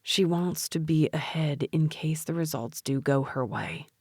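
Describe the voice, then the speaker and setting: A woman voicing a meek, spineless middle-aged man who talks softly and sheepishly. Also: low-pitched, a little slow, no room sound, clean studio sound. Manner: soft, sheepish, hushed.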